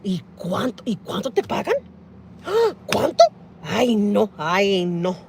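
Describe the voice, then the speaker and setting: A woman voicing a nosy, chatty middle-aged gossip who gasps and pries with rapid questions. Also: mid-range voice, very animated, creaky, noisy background, exaggerated voice. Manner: gasping, prying questions in rapid bursts.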